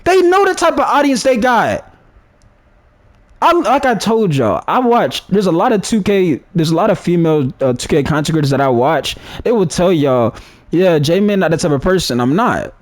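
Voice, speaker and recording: A man's voice: high-pitched, big pitch swings, moderate pace, dry recording. A man ranting in casual commentary to his viewers, heated and slangy, restarting his sentences often. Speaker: gaming commentary streamer.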